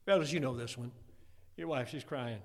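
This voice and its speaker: A man preaching a sermon in a folksy, animated way, acting out quotes from his congregation. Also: medium pitch, moderate pace. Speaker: pastor. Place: church sanctuary. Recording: long church reverb.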